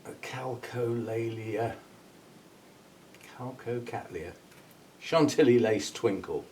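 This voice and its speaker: An orchid grower who hosts his own channel talks casually while doing a hands-on job, thinking out loud and chuckling at himself. His mid-range voice is slow and a bit dark. He's far from the mic, so the audio is poor, with faint background noise.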